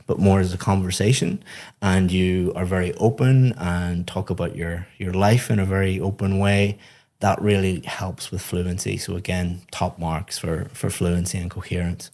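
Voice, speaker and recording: A man's voice: sits low, darkish tone. A man, an English teacher, giving a student patient, encouraging feedback on a speaking test in a podcast.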